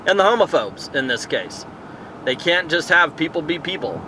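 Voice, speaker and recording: A man's voice: on the high side, big pitch swings, moderate pace, background noise. A man giving a casual, rambling movie review outdoors at night, thinking aloud with many fillers and tangents. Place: outdoors in a town area at night.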